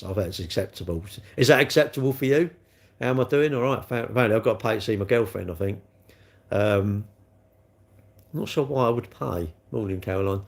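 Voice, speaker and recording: Gravelly man, rambling live chat. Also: lowish voice. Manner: chatty, rambling, cheeky, answers chat comments. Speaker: livestream host.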